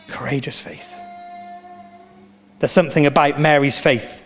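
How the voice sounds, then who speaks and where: Animated man preaching with repeated emphasis. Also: fairly high pitch, normal speed, soft background music. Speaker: pastor. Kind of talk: sermon.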